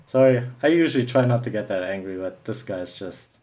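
A man's voice: on the low side, expressive, fairly quick, mellow. A young man giving live commentary over an online shooter match, angry and swearing, mocking the other players. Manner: angry ranting, swearing often; mocking taunts at opponents. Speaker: gameplay commentator.

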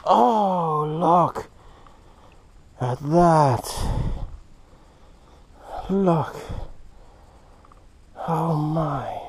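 A man hosting a casual vlog outdoors at a quarry. He talks excitedly, gasping and dropping into breathy whispers. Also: medium pitch. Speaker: host, moldavite hunter.

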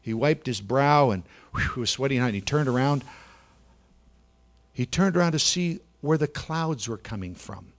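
A man telling a children's story in a church service, dramatic, moving between hushed and louder passages and slowing down for effect. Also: mid-range voice, lively intonation.

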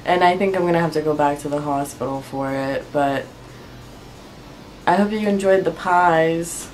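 A woman with a fairly low voice talks casually to camera about her crafts. She sounds unwell and worn out, rambling in a wry, frustrated way and laughing through her complaints. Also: moderate pace, slight background noise. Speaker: clay crafting vlogger.

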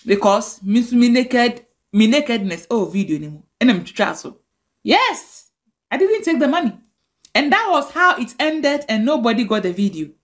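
A woman's voice: fairly high pitch, very animated, moderate pace. A Ghanaian woman with a Ghanaian accent, ranting angrily and scolding in a direct-to-camera video. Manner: angry, scolding rant mixing languages.

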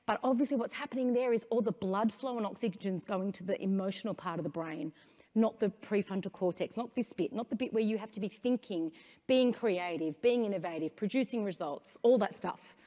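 A woman's voice: mid-range voice, fairly quick. A middle-aged woman with an Australian accent gives a conference talk, telling stories with energy and asking the audience questions. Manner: animated storytelling, asks the audience questions. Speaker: conference speaker. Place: conference hall stage. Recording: long hall reverb.

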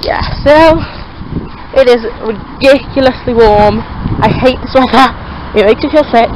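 A woman's voice: measured pace, background noise. A young woman with a Liverpool accent, vlogging casually while walking her dogs outdoors and rambling in a chatty way. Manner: chatty, rambling, talks to her dogs in a high sing-song voice. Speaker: pet vlogger. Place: outdoors in a local field.

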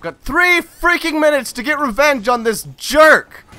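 High-voiced man ranting over gameplay. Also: lively intonation, measured pace. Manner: frustrated, ranting, swings into loud shouts. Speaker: gamer recording gameplay commentary. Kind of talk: live gameplay commentary.

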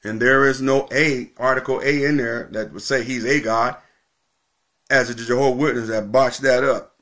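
A male pastor preaching a sermon, teaching with emphatic repetition and slowing down to stress key points. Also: medium pitch, fairly even intonation, fairly bright tone.

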